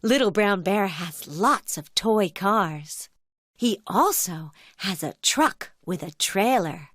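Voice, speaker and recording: A woman telling a children's cartoon story as narrator, in a gentle storybook manner. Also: mid-range voice, expressive, takes it slowly, no room sound, studio quality.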